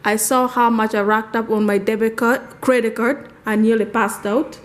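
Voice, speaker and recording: A woman's voice: a little high, fairly even intonation, normal speed. Chatty woman vlogging from her kitchen. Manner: chatty and rambling, often laughing. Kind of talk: casual life-update vlog.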